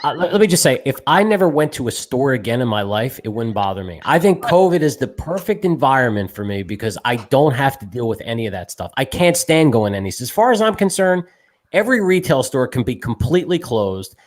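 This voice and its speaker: A man's voice: mid-range voice, sing-song, a little fast. An American man co-hosting a casual podcast, talking in an emphatic, opinionated way. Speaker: podcast co-host. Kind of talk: casual sports podcast chat.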